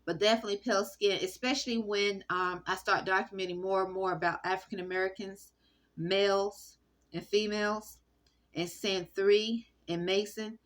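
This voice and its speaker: Bright-voiced woman rambling in monologue. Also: medium pitch. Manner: halting, many fillers and restarts. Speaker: vlogger. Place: indoor room. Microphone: phone recording.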